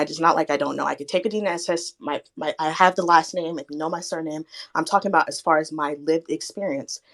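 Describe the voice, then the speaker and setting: Earnest woman speaking haltingly. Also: lowish voice. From Alabama, USA. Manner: earnest, halting, with many restarts and "like". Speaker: participant in a discussion. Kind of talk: live audio room debate.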